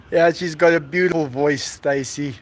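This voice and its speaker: A man hosting a casual live stream outdoors on a rooftop, effusive and laughing often as he reads out donations. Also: on the high side.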